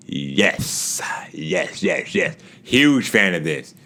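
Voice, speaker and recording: A man reviewing a wrestling episode in a casual, chatty way. His voice is bright and lively, swinging widely in pitch as he jumps into raised voices to act out wrestlers' lines. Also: drawn-out words, hardly any pauses. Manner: animated, laughs often, acts out wrestlers' lines in raised voices. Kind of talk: casual recap commentary.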